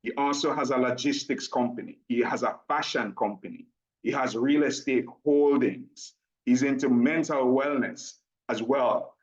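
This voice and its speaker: A man with a mixed Jamaican and American accent, presenting at a business launch with an energetic promotional pitch, talking fast and addressing his audience directly. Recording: dull lo-fi audio.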